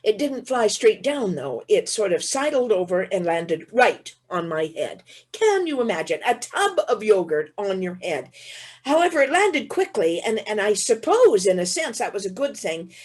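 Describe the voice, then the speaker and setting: A woman gives a keynote talk and tells a funny story from her own life. Her voice is slightly husky and breathy, and her pitch swings up and down a lot. She tells it vividly and often repeats a word as she starts a line again. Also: very animated, normal speed, darkish tone. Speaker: keynote speaker.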